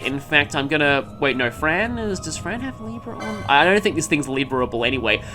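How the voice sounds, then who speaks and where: A man talks through a game session in a loose, rambling way, full of ums and second thoughts. His pitch swings up and down with lively energy. Soft game music plays faintly behind him. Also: normal speed, few pauses. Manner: rambling, with many ums and mid-sentence self-corrections. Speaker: let's play commentator. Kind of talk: casual gameplay commentary.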